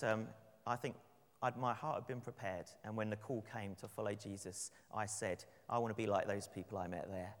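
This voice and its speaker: A man from London with an English accent, preaching a sermon and telling personal stories in a relaxed, conversational way. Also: a little high. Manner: conversational, anecdotal, with light laughs. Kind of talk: sermon with prayer and storytelling. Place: church. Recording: long church reverb.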